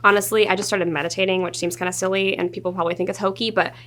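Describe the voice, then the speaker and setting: A woman's voice: medium pitch, rapid-fire. A woman in her twenties, a guest in a studio interview, chatting casually and acting out little quotes as she tells stories. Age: 20s. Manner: animated storytelling with acted-out quotes. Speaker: actress guest.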